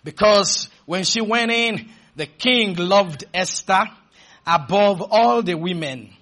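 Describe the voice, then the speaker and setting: A male preacher delivering a sermon, emphatic and loud, leading the congregation in call-and-response and telling stories with playful asides. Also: high-pitched, lively intonation, takes it slowly. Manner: emphatic, with sudden shouted bursts and call-and-response.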